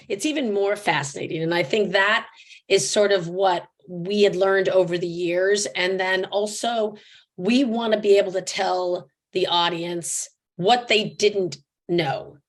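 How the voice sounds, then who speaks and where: Composed woman network executive. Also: medium pitch. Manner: composed, measured, explanatory. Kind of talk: panel answer.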